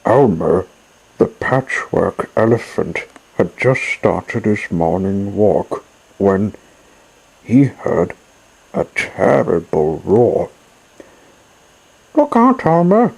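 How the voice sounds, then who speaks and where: A man reading a children's storybook aloud in a slow, gentle narrating manner. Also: sits low, creaky, breathy edge, rough recording.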